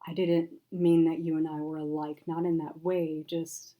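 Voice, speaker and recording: A woman voicing a soft-spoken, remorseful woman friend who talks quietly and sighs, her delivery subdued. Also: deep voice, level tone, normal speed, lightly acted, low-quality recording.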